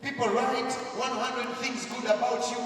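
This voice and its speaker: High-voiced Ugandan pastor preaching in an echoing hall. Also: male voice, fairly even intonation, a bit bright, slight background noise. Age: 30s. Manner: emphatic preaching in short phrases, pausing for translation. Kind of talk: sermon with live interpreter. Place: large church hall with congregation. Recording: echoey hall from far off, crowd and music behind.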